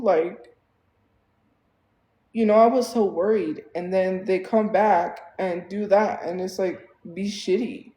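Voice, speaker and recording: Slow-talking exasperated woman venting. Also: medium pitch, steady tone, dark tone, roomy sound, rough recording. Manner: venting, exasperated, lots of fillers. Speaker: livestreamer. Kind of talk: casual venting livestream chat.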